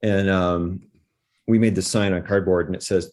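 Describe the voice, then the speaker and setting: A man's voice: deep voice, steady tone, normal speed, a little mellow. A man, a podcast guest, telling stories in a laid-back, rambling way full of fillers. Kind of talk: animated anecdotal storytelling.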